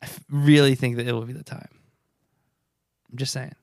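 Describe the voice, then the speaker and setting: A relaxed man chatting on a podcast, loose and rambling, often restarting mid-sentence. His voice sits at a middle pitch, recorded close and dry with no room sound. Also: moderate pace, creaky, no echo. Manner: laid-back, rambling, many restarts. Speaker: podcast co-host, touring musician. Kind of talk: casual chat.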